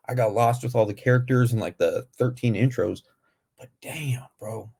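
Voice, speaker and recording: A low, gravelly man cracks jokes while reacting to a story video. His voice is dark and mellow with a husky edge, and his talk is full of slang. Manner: joking slangy banter, says "dog" and "bro". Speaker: YouTube reaction host. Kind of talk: casual reaction commentary. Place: living room.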